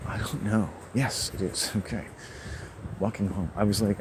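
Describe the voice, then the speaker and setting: A man's voice: lowish voice, normal speed. A man rambling and joking to himself as he walks home by a river at dusk, often breaking into laughter. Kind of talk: rambling monologue while walking. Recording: noisy outdoor ambience.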